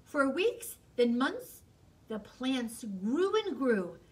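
Lively woman reading a picture book aloud. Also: high voice, drawn-out words, distant mic. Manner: expressive, sing-song, teacherly. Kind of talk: storybook read-aloud with fun facts.

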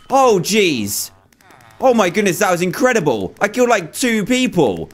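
A young man commentating live on his own gameplay, excitable and quick to exclaim, often repeating himself. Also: high voice, soft background music. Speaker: gaming YouTuber.

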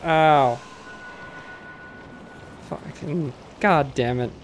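A man streaming a game live, swearing often and talking to the enemy, swinging from mutters to panicked shouts. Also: on the high side, drawn-out words, soft background music. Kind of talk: live gameplay commentary.

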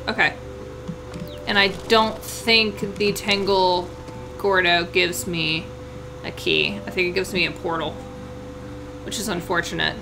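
A woman hosting a let's play, chatting through the game and breaking into excited squeals and exclamations. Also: mid-range voice, background noise. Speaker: gaming channel host.

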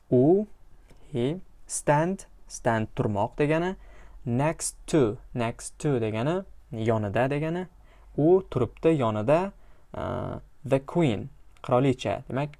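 Man from Uzbekistan, English teacher, mid-pitched voice, reads a story line by line, repeats phrases slowly, hesitant explanations. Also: darkish tone. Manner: hesitant, frequent pauses.

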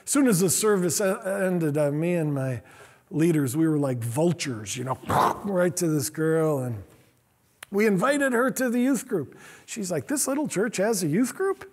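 A man's voice: fairly high pitch, expressive, measured pace, darkish tone. A middle-aged man, a pastor, telling a story in a sermon in an earnest, self-deprecating way. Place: church sanctuary.

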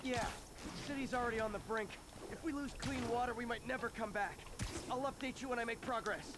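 A man's voice: very high voice, a little fast, background noise. An actor voicing a quippy young male superhero, delivered in clipped, matter-of-fact lines from game audio. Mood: briefing. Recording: game audio under loud music.

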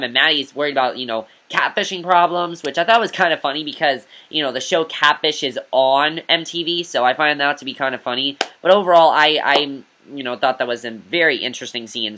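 A man's voice: a little high, bright, forceful tone. A man giving a casual, rambling review of a TV episode, eager and repetitive, with lots of fillers. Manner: rambling, eager, repeats himself with many fillers.

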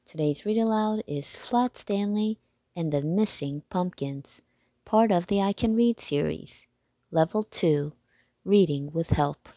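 Female read-aloud narrator for children: mellow, slow, clear and deliberate. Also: on the low side, no room sound, clean studio sound. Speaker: children's book reader.

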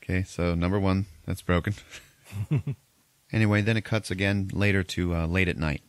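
A man with a very low voice retells a film plot in a casual, rambling podcast chat, swearing freely and laughing as he goes. The sound is close and dry, with little room around it. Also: fairly even intonation, normal speed, clear, resonant tone, dry recording. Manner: profane, laughing, rambling storyteller. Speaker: podcast host. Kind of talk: casual movie recap.

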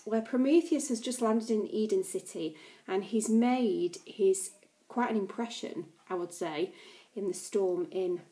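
A woman's voice: mid-range voice, mellow. A woman teacher reading a class novel aloud to her pupils, with playful chatty asides.

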